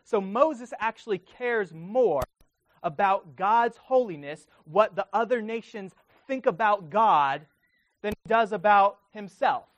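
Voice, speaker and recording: A man's voice: sits high, expressive, takes it slowly, a bit bright, dry recording. A man preaching a sermon to his congregation, reading scripture aloud in an earnest manner. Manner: earnest, reads scripture aloud with rising emphasis.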